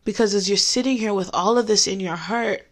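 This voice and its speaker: Woman speaker, faith testimony, mid-range voice, candid and conversational, leans on key words by slowing down. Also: medium pitch. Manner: candid and conversational, with emphatic slowed phrases. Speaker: Christian speaker giving a testimony. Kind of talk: personal faith talk.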